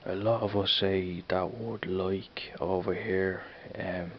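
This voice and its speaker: A man's voice: low-pitched, fairly even intonation, slow, highs cut off, a little hiss or hum. A man with a Dublin accent chatting casually in a home vlog, rambling and repeating "you know what I mean". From Ireland. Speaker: vlogger. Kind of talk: casual accent tag video.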